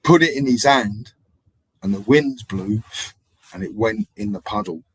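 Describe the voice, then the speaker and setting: A man hosting a live stream, telling meandering stories and acting out the people in them, his loudness swinging up and down. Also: medium pitch, very animated, unhurried, gravelly, husky, rough recording. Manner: meandering storytelling with acted-out voices and sudden loudness swings. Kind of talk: rambling live-stream monologue.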